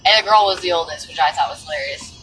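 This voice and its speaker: A young woman chatting casually, telling animated stories, acting out voices, laughing and swearing. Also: low voice, rapid-fire, soft background music. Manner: animated storyteller, acts out dialogue, swears and laughs. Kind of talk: casual chat. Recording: distant mic with background noise.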